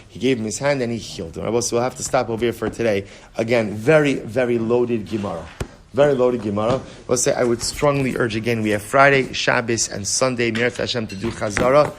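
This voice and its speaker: A rabbi teaching a daily Talmud lesson, reading Aramaic lines and translating them, repeating key phrases and building intensity to make a point. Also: male voice, medium pitch. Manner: rises in intensity when driving home a point. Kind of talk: Talmud lesson, explaining text aloud.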